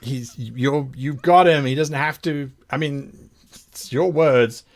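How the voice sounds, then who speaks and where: A man narrating as game master of a tabletop game, animated and quick with rules, laughing often. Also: mid-range voice.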